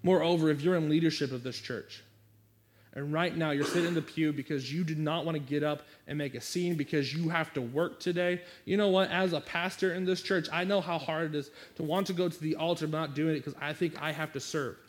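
A man's voice: fairly high pitch, fairly even intonation, brisk. A man pastor preaching a sermon and making an earnest, pleading altar call.

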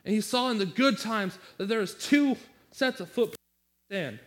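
A man's voice: sits high, lively intonation, moderate pace. A man pastor preaching a sermon and making an earnest, pleading altar call.

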